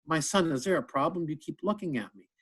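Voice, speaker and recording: A man voicing a calm, soft-spoken nun in a joke he tells. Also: on the high side, quick pace, voice pushed up. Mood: gentle. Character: calm woman in a nun's habit, teasing.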